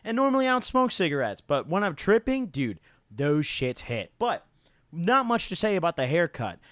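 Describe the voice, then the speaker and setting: A man's voice: a little high, very animated, moderate pace, fairly bright tone, dry recording, clean studio sound. A young man telling a rambling, slang-heavy story to his viewers, full of "like" and "dude" and casual swearing. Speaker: YouTuber.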